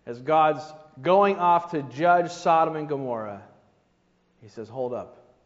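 A man's voice: a little high, unhurried. A man preaching a sermon in a conversational way, with rhetorical asides to the congregation. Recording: dull reverberant hall recording.

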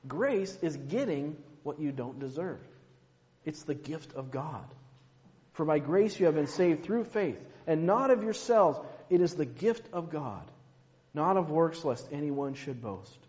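A man preaching a sermon, slow and emphatic, dropping to a hush on key words. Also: a little high, animated. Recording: muffled, long hall reverb.

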